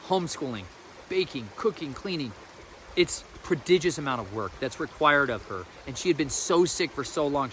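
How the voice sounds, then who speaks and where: A man's voice: mid-range voice, a bit bright, slight background noise. A man giving an informal spiritual teaching as a podcast host, earnest, emphatic and colloquial.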